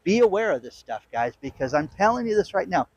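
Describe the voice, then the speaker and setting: A man's voice: high-pitched, very animated, brisk, slight background noise, poor audio. A man in a played social media clip, telling a story in a preachy, lecturing tone.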